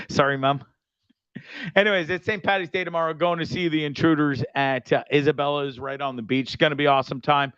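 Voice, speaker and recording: A man's voice: on the high side, fairly even intonation, normal speed, pauses often, a bit bright, clean tone, no echo, muffled recording. Rambling, foul-mouthed male show host. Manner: rambling, profane, jokey, restless. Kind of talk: casual show monologue with sponsor reads.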